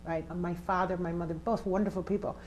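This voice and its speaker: A woman's voice: fairly low pitch, steady tone, fast, a little mellow, slight background noise, poor audio. An older woman, a community organizer, telling a personal story in an interview with vivid, emphatic delivery. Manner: vivid, emphatic storyteller who acts out scenes.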